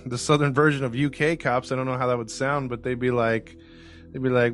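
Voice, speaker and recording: A man's voice: mid-range voice, flat delivery, a little fast, faint music behind. A man co-hosting a true crime podcast in casual chat, hesitant and self-deprecating, often laughing. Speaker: podcast co-host.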